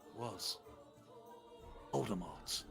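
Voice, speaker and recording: A man's voice: on the low side, lively intonation, slow, creaky, music in the background. A man on a stream reading fanfiction aloud, breaking off with exasperated commentary. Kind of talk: comic dramatic reading.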